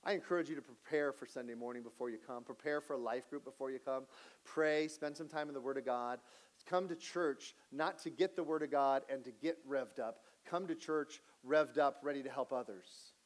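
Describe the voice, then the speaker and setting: A man pastor preaching a sermon in an earnest way, moving between lively asides and hushed emphasis. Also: medium pitch, moderate pace.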